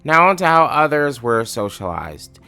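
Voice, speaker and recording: A man's voice: medium pitch, big pitch swings, normal speed, sharp tone, clear, resonant tone. Sarcastic ranting man, faint music. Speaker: video host. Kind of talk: comedic political rant.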